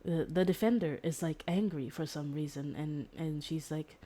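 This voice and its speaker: A woman's voice: low-pitched, moderate pace, mellow. A woman streamer casually retelling a story, rambling with fillers and restarts and acting out the quoted lines.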